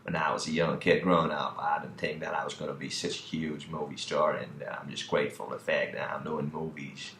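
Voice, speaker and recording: Laid-back movie star, deep, hushed, echoey room. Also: male voice, level tone, gravelly, a little hiss or hum, exaggerated voice. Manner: slow, rambling, many fillers.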